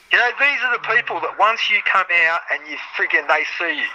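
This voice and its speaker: A man's voice: sits high, expressive, brisk, hardly any pauses, sharp tone, lo-fi sound. A middle-aged Australian man chatting as a guest, swearing freely and telling rambling stories. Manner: swears freely, rambling storyteller who acts out other people's voices. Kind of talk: casual chat.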